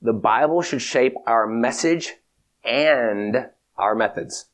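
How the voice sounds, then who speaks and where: Man teaching a measured theology lecture. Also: mid-range voice. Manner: measured, emphatic, repeats key points.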